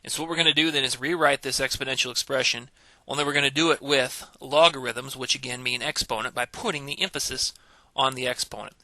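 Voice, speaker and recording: A man teaching a recorded math lecture, explaining patiently and slowing down to stress key terms. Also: mid-range voice, fairly even intonation, pushed and bright, no echo. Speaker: math instructor.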